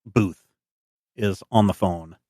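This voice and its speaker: A man's voice: on the low side, slow pace, dark tone, dry recording, studio quality. A man narrating a tabletop game as game master in a loose, rambling way.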